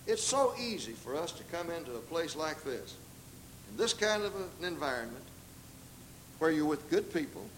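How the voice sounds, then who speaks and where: A man's voice: a bit bright, a little hiss or hum, low-quality recording. An older man with a Southern US accent preaching a sermon in a dramatic way, acting out the voices he quotes. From American South. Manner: dramatic, acts out quoted voices with big pitch leaps.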